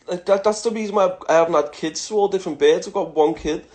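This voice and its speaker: A man in his thirties from England chats casually through a follower Q&A. He is blunt and swears freely, and his voice sits a little high for a man. He keeps tossing in lad between remarks. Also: quick pace, darkish tone. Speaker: social media personality answering follower questions. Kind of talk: casual Q&A chat.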